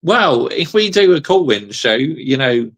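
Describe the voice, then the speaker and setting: A man's voice: on the high side, big pitch swings, a little slow. A man hosting a football channel, ranting heatedly in a live reaction stream, swearing and breaking into laughter as he reads chat.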